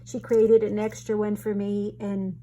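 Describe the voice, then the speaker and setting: A woman, hosting a casual craft show-and-tell, gushing over pieces and halting through restarts, her voice choked and tearful. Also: medium pitch, monotone, dark tone. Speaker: craft channel host.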